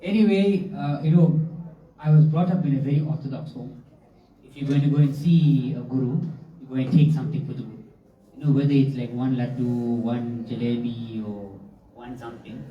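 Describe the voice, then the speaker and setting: A man's voice: medium pitch, fairly even intonation, moderate pace. A man telling a funny personal story about himself as a devotee, laughing often and mocking himself. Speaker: devotee sharing a testimony. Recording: roomy, distant, dull hall recording.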